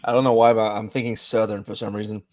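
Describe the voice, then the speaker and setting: A man's voice: lowish voice, little pitch movement, quick pace, darkish tone, dry recording. A man co-hosting a casual podcast, joking, swearing and laughing as he reads reviews. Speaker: podcast co-host. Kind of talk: casual chat, reading reviews aloud in put-on voices.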